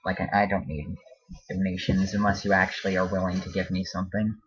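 A man with a low, husky voice rambles through a casual home vlog. He hesitates often, with ums and restarts. The recording sounds dull and lo-fi. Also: monotone, brisk, a bit bright. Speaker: vlogger.

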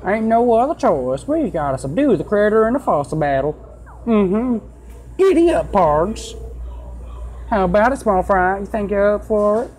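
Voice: mid-range voice, very animated, normal speed, a little mellow, a little hiss or hum, voice pushed up, close to an everyday voice, poor audio. A player voicing a folksy, swaggering cowboy fossil-fighting champion with a put-on country twang. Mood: boisterous.

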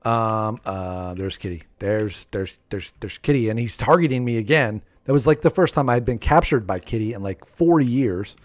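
A man's voice: on the low side, moderate pace, few pauses. A man in his thirties hosting a live game stream from home, playful and chatty, often repeating himself and laughing, speaking into a desk microphone. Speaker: livestream gaming host. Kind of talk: live gameplay commentary. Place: home room.

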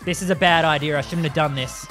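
A live game streamer giving excitable commentary while playing, laughing and taunting opponents and chatting with viewers. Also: mid-range voice, quick pace. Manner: chats with viewers and thanks them. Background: game music.

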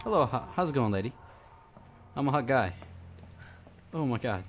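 Jumpy young man gaming, lively voice. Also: medium pitch, normal speed, slight background noise. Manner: jumpy, yelps and shouts when scared. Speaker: gamer playing a horror game. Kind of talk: casual let's play commentary.

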